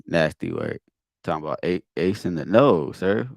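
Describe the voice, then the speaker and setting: A man's voice: deep voice, expressive, a little fast, no room sound, clean studio sound. A man hosting a podcast and reacting to a video, exasperated and emphatic, often repeating his words. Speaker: podcast host.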